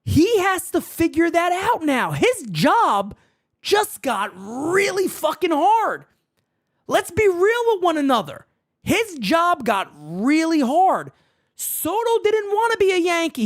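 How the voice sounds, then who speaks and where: A man hosting a sports talk show, ranting heatedly with profanity and repetition. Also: extremely high pitch. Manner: fiery, repetitive, profane, shouts often.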